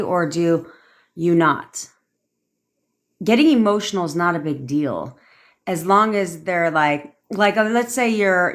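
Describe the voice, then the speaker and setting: On a live stream, a woman manifestation coach with a fairly low voice gives blunt, rambling advice, swearing freely as she reads and answers viewer comments.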